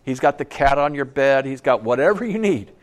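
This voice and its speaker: A man's voice: medium pitch, animated, a little fast. A middle-aged male pastor giving a sermon, driving points home by repeating them, with chatty storytelling asides. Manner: emphatic, repeating key phrases.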